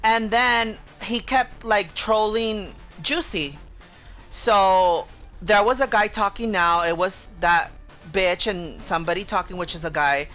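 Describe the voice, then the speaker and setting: A woman's voice: mid-range voice, fairly bright tone, faint music behind. A woman streamer telling a story in casual chat, profane and heated, quoting herself over and over. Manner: profane, heated retelling of an argument; fast, repetitive quoting with "I'm like". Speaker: game streamer.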